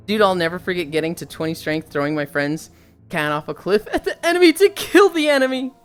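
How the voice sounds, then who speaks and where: A young woman streamer chatting casually with her viewers, telling stories in an animated, profane way. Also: on the low side, a little fast, faint music behind.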